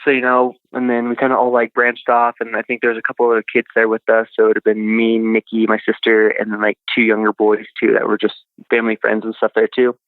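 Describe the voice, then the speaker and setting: A man with a voice on the low side recounts a childhood experience as a podcast guest, talking monotone and quickly. He rambles casually with plenty of fillers, heard over a tinny phone line with no room sound.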